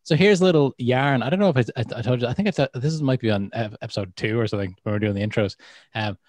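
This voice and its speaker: Lively Irish man telling stories. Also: mid-range voice, rapid-fire, dry recording. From Ireland. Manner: animated storyteller, acts out quoted voices. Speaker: podcast co-host. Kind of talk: casual podcast chat.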